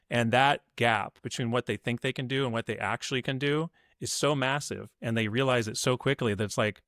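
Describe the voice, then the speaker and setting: A man's voice: mid-range voice, fairly even intonation, brisk, hardly any pauses, fairly bright tone, dry recording, studio quality. A man speaking as a podcast guest in an upbeat, motivational way, acting out what people say. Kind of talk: conversational interview.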